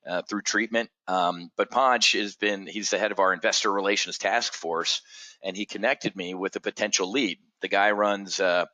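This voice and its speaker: An animated middle-aged man holds forth in a casual monologue. His voice is forceful and bright, with a lowish pitch. The sound is dry and close. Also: normal speed, no room sound. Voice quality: animated, swears freely, acts out others' voices in high pitch. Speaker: trading community host.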